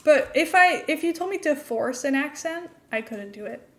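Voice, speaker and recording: Young female streamer, international-school American accent, a little high-pitched, chatty and giggly. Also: expressive, moderate pace, fairly bright tone. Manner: chatty and giggly, answering chat between building tasks. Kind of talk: casual chat while playing a game live.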